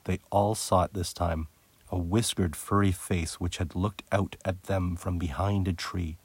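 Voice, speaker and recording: A man narrating a children's novel aloud in an expressive read-aloud manner. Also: sits low, unhurried, breathy edge, dry recording. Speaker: audiobook narrator. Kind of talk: storybook narration.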